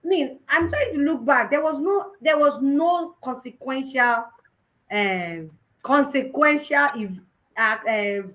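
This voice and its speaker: A young woman with a Nigerian Yoruba-tinged accent, giving an animated personal testimony at a conference and mixing in Yoruba phrases. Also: high-pitched, slow, poor audio. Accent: Nigerian, Yoruba-influenced English. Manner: animated storytelling, switching between English and Yoruba. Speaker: conference speaker.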